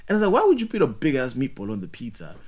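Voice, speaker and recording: A young man, chatting casually, animated and joking, full of slang and repeated words. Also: mid-range voice, very fast. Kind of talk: casual chat.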